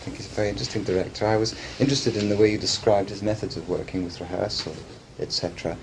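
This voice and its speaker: Polite man interviewer, low gravelly voice. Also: steady tone. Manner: polite, measured questioning. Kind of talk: interview questions. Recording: old interview tape with faint hiss.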